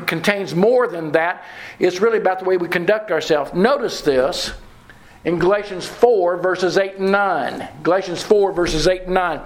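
A man preaching a sermon in an earnest way, slowing down and repeating phrases to stress the scripture he quotes. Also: high voice, rough recording.

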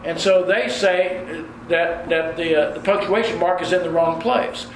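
High-voiced preacher in an echoey room. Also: male voice, steady tone, slight background noise. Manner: deliberate teaching tone with frequent repeated words. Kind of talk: sermon.

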